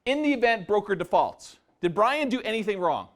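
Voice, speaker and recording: Give me a man with a high, very animated voice lecturing a live audience and quizzing them as he goes. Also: a little fast. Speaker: real estate investing presenter. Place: meeting room before a live audience.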